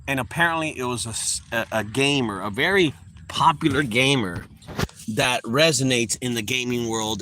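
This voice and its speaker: A man's voice: medium pitch, sharp tone, slight background noise. Profane middle-aged man ranting. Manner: profane, heated storytelling. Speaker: junk removal business owner. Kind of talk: casual vlog rant.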